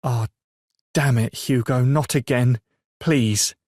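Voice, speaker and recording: A woman's voice: very deep voice, moderate pace, dry recording, pitched above the performer's own voice. A man voicing an exasperated mother who scolds her young son sharply, in a dry, close audiobook reading.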